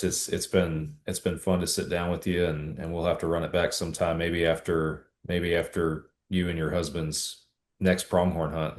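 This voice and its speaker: Deep-voiced podcast host, echoey. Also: male voice, a little hiss or hum. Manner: relaxed, repeats words, many restarts. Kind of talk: casual interview chat. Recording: echoey room.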